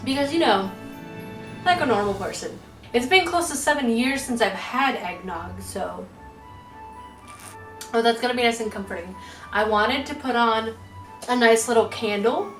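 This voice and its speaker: A woman's voice: fairly high pitch, normal speed, far from the mic. Chatty woman vlogging in an echoey room. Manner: chatty, rambling, playful asides. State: out of breath. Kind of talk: casual chat to camera. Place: room at home. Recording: echoey room from afar with faint music.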